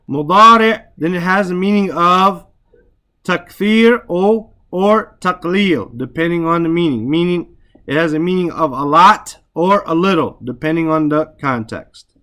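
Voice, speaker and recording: A man's voice: a little high, bright, forceful tone. A man teaching an Arabic grammar lesson, explaining step by step in English with Arabic terms and often checking with "right?".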